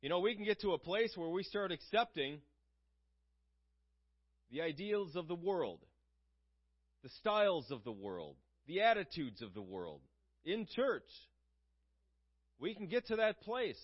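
A man's voice: high voice, big pitch swings, measured pace, pauses often, lo-fi sound. A man preaching a sermon in an earnest, conversational way, asking his listeners questions.

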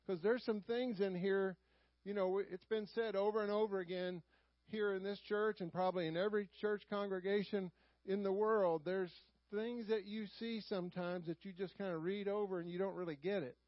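A Southern-accented man preaches in a folksy way and often turns to the congregation with "Amen?". His voice sits high for a man. The recording is dry, with a dull, slightly muffled tone. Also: steady tone, moderate pace, no room sound. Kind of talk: sermon.

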